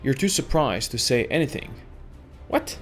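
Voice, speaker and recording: Male gamer reading a text adventure aloud, steady second-person narration, mid-pitched voice, faint music. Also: normal speed. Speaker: game player and narrator.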